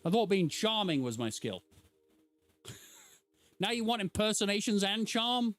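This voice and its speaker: A man's voice: high voice, sing-song, a little slow, fairly bright tone, no echo, faint music behind. Playful man streaming a game. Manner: playful, teasing banter with chat. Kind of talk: live gameplay commentary.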